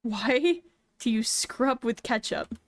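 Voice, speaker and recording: Drawing on stream, a young woman chats casually with goofy, playful humor. Her fairly high voice is animated but slow, recorded with no echo.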